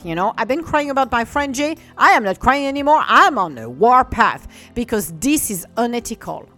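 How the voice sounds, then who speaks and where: A fired-up woman scolds a company in a ranting monologue, her fairly high voice leaping up and down as she goes. Her English phrasing is a little non-native, and soft music sits faintly behind her. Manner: indignant, animated, scolding.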